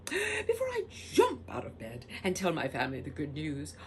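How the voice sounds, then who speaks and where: Woman reading a children's story, pitch swooping widely. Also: moderate pace, noisy background. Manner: very expressive, acts out the characters. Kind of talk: storybook read-aloud.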